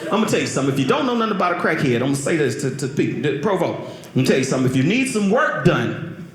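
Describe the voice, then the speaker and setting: Man doing stand-up, somewhat high voice, stories veer from loud yelps to low mutters; roomy club sound. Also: very animated, rapid-fire, slight background noise. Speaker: stand-up comedian. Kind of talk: stand-up comedy routine. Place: comedy club stage. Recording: roomy live stage sound with crowd. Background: laughing audience.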